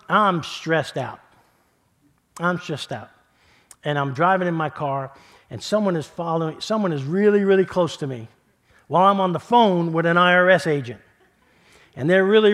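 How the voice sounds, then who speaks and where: Middle-aged male pastor from New York, slightly high voice, conversational sermon storytelling with repeats and quiet hushed stretches. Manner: conversational, repeats words, builds then drops to a hush.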